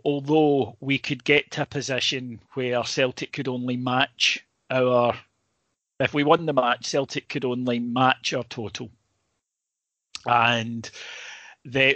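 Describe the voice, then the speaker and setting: A man's voice: medium pitch, fairly bright tone, no echo. A Scottish man, a sports journalist, telling a rambling, emotional story in casual chat, full of restarts.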